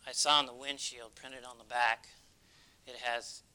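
Guy preaching, earnest storyteller, bright crisp voice. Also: medium pitch, level tone, a little slow, poor audio. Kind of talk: sermon.

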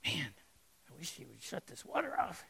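A man voicing a weary, bedraggled pet canary who grumbles in a low mutter. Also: huge pitch swings, normal speed, gravelly, sharp tone, breathy edge, heavily acted. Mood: grumbling.

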